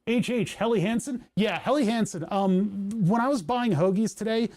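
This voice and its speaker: A man's voice: high-pitched, moderate pace, darkish tone. A man from Pennsylvania livestreaming, chatting casually and rambling while reading his chat aloud. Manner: rambling, self-deprecating, reads chat aloud. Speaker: streamer.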